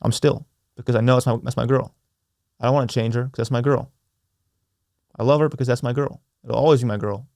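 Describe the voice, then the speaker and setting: A young man hosting a solo podcast, speaking earnestly with slow, emphatic, repetitive phrasing. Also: medium pitch, fairly even intonation, vocal fry, a little mellow, dry recording, clean studio sound. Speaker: podcast host. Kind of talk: reflective solo podcast talk.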